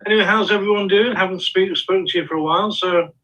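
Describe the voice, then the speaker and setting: A man's voice: high-pitched, steady tone, bright, forceful tone, poor audio. A man, an actor from England, chatting casually on a video call with many restarts and small laughs. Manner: halting, lots of restarts and laughs. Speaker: actor guest.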